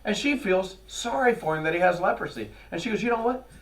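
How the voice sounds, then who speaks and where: A man preaches to his congregation in a lively, storytelling way, slipping into the voices of the characters. His voice sits a bit high. The mic picks him up from a distance. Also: fairly quick. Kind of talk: sermon. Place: church. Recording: voice from far off the mic.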